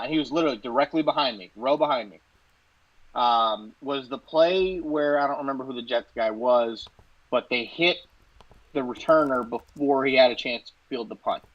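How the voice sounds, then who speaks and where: Male co-host, mid-pitched, relaxed storyteller, slightly muffled lo-fi recording. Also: normal speed. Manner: casual, conversational anecdotes. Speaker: sports talk co-host. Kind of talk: casual storytelling. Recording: slightly dull lo-fi audio.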